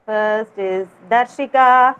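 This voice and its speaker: A woman's voice: on the high side, slow pace, clear, resonant tone, phone-quality sound. A woman teaching a kindergarten class over a video call, coaxing the children with sing-song, repeated questions. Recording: noisy video call audio.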